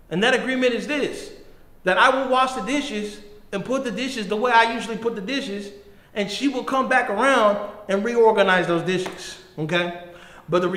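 A man in his thirties, a middle school pastor, giving a casual youth sermon in slangy, animated storytelling style. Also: sits high. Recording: echoey room with long reverb.

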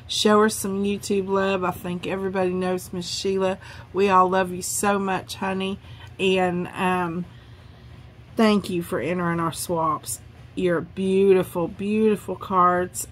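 Here the craft host's voice sits on the low side and stays level as she takes her time. She's effusive and gushing about the handmade cards sent to her, chatting casually over slight background noise.

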